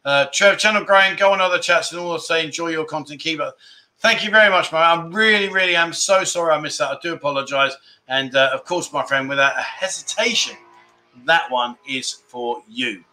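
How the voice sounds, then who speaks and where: Bright-voiced chatty man. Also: fairly high pitch, brisk, soft background music. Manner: chatty, effusive, keeps thanking viewers. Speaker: livestream host. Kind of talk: casual livestream chat.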